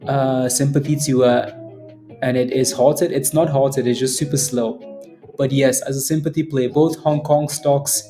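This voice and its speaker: A man's voice: mid-range voice, warm tone. A man hosting a casual live day-trading stream. He rambles, laughs often and keeps adding "right?" to his sentences. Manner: rambling and chatty, laughs often, many "right?" tag questions. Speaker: day-trading livestream host. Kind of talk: casual live market commentary.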